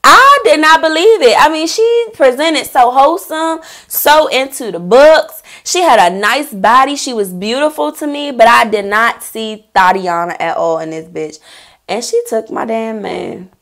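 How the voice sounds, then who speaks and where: A woman with a high voice tells a personal story in a casual vlog. She is animated and profane, and she addresses her viewers directly as if gossiping with a friend. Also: moderate pace, hardly any pauses. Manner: animated, profane, talks straight to viewers as "girl"; bursts into laughter mid-story. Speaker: vlogger telling a personal story.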